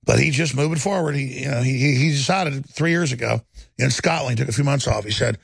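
A middle-aged man hosting a political talk show, ranting and swinging between low growls and high mocking voices. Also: quick pace, creaky, husky, dry recording.

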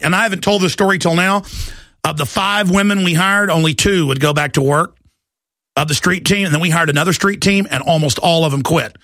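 A man hosting a talk radio show, ranting urgently and often rising to shouts, with heavy repetition. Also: on the high side, brisk, no echo, studio quality. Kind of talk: impassioned talk radio monologue.

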